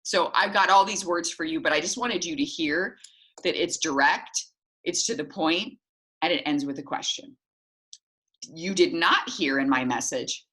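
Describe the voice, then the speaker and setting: Low-voiced woman coaching a sales team. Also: normal speed. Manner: animated, acts out little dialogues with jumps in pitch.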